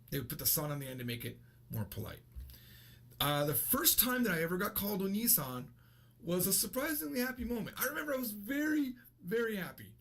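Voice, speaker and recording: An American language teacher in his thirties gives a casual video lesson, chatty and rambling, correcting himself as he goes. His voice is on the high side, fairly bright, with a breathy edge.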